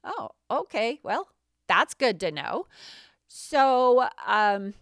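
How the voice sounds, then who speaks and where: A woman's voice: on the high side, very animated, very slow, a bit bright, clear, resonant tone, dry recording. Indignant middle-aged woman, dry close sound. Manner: indignant, sarcastic retelling. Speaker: host. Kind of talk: personal account monologue.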